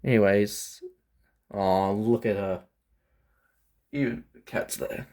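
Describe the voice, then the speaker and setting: A man's voice: on the low side, slow pace, darkish tone. A young Australian man showing his pet snake in a casual vlog, chatty and rambling, talking to his pets. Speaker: pet vlogger.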